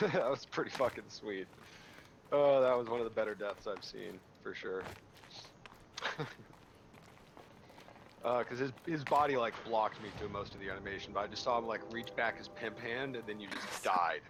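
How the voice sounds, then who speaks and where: A man chatting casually as a co-player on a gameplay stream, laid-back and quick to laugh. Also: fairly low pitch, background noise. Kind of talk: casual chat while playing.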